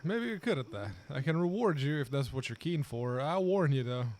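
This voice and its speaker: A man's voice: lively intonation, a little fast, a little mellow, natural voice. A man reading as an older worried farmer. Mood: grim. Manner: reads game dialogue aloud, plain and low-key. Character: weary older male farmer, worried and gruff.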